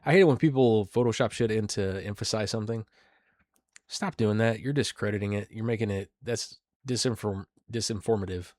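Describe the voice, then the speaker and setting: A man's voice: on the low side, a little fast, darkish tone, no echo, studio quality. A man hosting a solo show, reacting off the cuff with crude, rambling jokes and mumbled asides. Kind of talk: casual reaction commentary.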